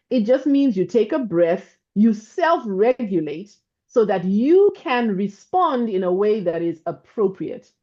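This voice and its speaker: A woman guest speaker giving a calm, measured online talk, often checking in with "right?". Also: medium pitch, dull audio.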